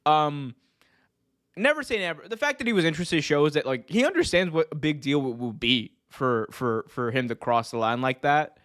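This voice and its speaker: Animated, slangy male podcast host. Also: on the high side, normal speed. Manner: animated, laughs often, slangy. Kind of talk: casual wrestling podcast chat.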